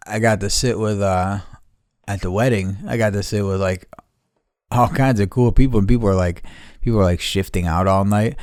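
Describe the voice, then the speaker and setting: Low-voiced, foul-mouthed man telling a story. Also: dry recording, studio quality. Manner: rambling, heavy swearing, laughs mid-story. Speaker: podcast host. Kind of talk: casual storytelling.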